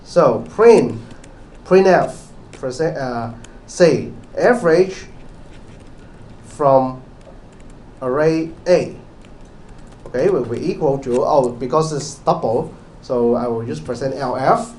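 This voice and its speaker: Lecturer with a roomy, distant sound. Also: male voice, mid-range voice, lively intonation, slow, long pauses, a little mellow. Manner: repetitive, asks students questions, many "okay"s. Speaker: university lecturer. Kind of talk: live programming lecture. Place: lecture hall. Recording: echoey lecture hall, mic at a distance.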